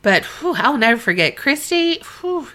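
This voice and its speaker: A woman co-hosts a casual podcast, her voice bright and a touch high. She reads a listener's story aloud, then slides into animated, joke-filled chat, laughing often and drawling through her asides. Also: normal speed. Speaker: podcast co-host.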